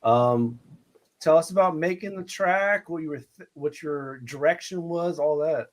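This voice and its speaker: A man hosting a casual hip hop radio show, relaxed and encouraging as he asks his guest questions. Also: fairly high pitch, a little slow. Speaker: radio host.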